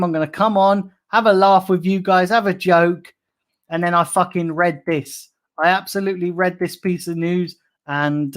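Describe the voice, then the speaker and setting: Fuming man ranting on stream. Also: sits high. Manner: angry, swearing, ranting. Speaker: football fan live streamer. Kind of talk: live stream rant reading chat comments.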